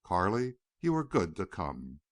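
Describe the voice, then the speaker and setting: A gentle young war veteran, earnest and a touch wry, as read by a male narrator. The low voice rises and falls freely. Recorded dry and close for an audiobook. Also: wildly swooping pitch, unhurried, no room sound, heavily acted.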